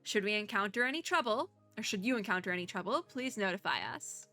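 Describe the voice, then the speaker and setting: A woman streamer reading the lines of a calm, matter-of-fact female peacekeeper. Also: medium pitch, fast talker, faint music behind. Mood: composed.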